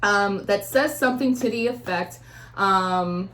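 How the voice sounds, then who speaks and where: A woman's voice: mid-range voice, measured pace, fairly bright tone. A young woman giving a casual intuitive tarot reading, rambling with many fillers and acting out quoted voices. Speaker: tarot reader.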